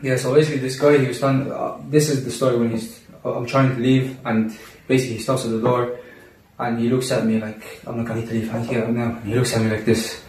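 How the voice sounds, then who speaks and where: A young man telling a personal story in casual talk among friends, animated and full of restarts. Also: mid-range voice, fast talker, a little hiss or hum. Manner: animated, acts out quotes, many restarts. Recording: roomy echo, distant mic.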